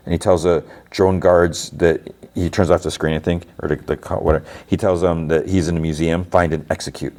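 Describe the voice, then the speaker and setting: A man's voice: low voice, flat delivery, a little fast, a little mellow. A man hosting a podcast, casually recapping a TV episode in a rambling way with lots of "like" and fillers. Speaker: podcast host.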